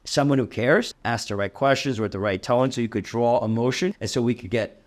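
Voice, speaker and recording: A young adult man giving a sales training talk, energetic and emphatic, acting out cold call lines as he coaches. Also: medium pitch, brisk, few pauses, soft background music.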